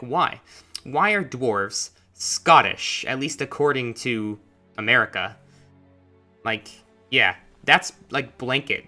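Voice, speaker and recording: A man provides casual, chatty let's-play commentary as he plays a video game, drifting into musing asides. His medium-pitched voice sounds bright and forceful.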